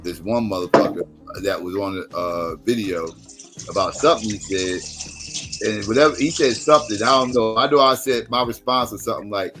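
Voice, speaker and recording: Deep-voiced, tired, profane stream host. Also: male voice, a little fast, music in the background. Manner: profane storytelling with lively quoted voices. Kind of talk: casual late-night stream chat.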